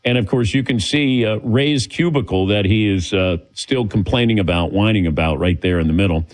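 A man's voice: fairly low pitch, normal speed, poor audio. A man hosting a sports talk show, chatting casually and laughing often as he calls on his co-hosts. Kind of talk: casual radio show banter.

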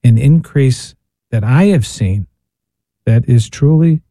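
Man, priest guest, mid-pitched, very mellow tone, dry studio, earnest rhetorical questions. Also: animated, slow, no echo. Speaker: priest and spiritual director guest. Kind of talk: radio talk reflection. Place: radio studio.

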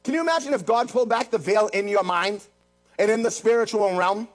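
With faint music behind him, a pastor preaches in a high, brisk voice. He speaks emphatically and directly to his congregation, repeating phrases again and again.

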